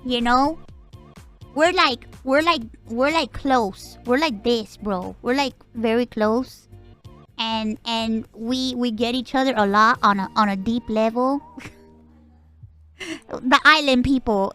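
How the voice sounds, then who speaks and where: A woman's voice: high-pitched, pushed and bright. A woman from Puerto Rico with a Puerto Rican accent, chatting casually as a streamer, rambling, swearing and laughing a lot. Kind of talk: casual chat.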